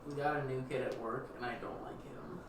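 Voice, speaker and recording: A man's voice: mid-range voice, a little fast, crowd noise. A man complaining about a coworker in a casual chat, in a dry, rambling way. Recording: echoey, far from mic, loud noise.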